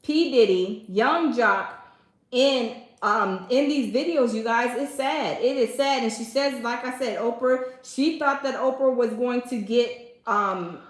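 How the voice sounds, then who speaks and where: A commentary host with a fairly high voice speaks unhurriedly, chatting directly to her viewers, whom she calls y'all, and hammering points home through repetition. The recording is rough and reverberant.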